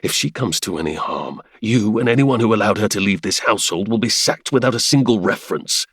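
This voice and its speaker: A man voicing a stern, impatient aristocratic lord who speaks gruffly and sarcastically. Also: fairly low pitch, lively intonation, a little fast, fairly bright tone, dry recording, clean studio sound, exaggerated voice. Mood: grim, stern.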